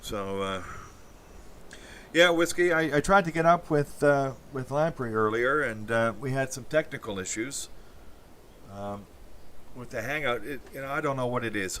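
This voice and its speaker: A man from Canada, hosting a casual livestream and talking in a halting, rambling way as he answers chat comments aloud. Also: mid-range voice, lively intonation, fairly bright tone, slight background noise. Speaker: livestream host reading chat.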